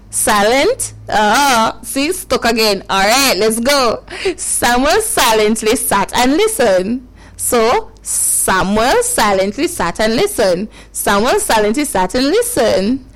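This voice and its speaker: A woman's voice: a little high, sing-song, poor audio. A woman hosting a call-in with children, leading them through tongue twisters in a playful, encouraging way. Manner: playful, encouraging, drawn-out coaching.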